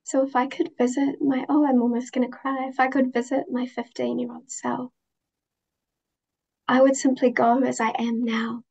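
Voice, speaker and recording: A woman's voice, set a little high and held fairly level in pitch. She talks in a gentle, heartfelt way, reflective and unhurried as she answers questions in an interview. She sounds like a woman in her thirties. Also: level tone, gravelly, breathy edge, highs cut off. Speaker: interview guest.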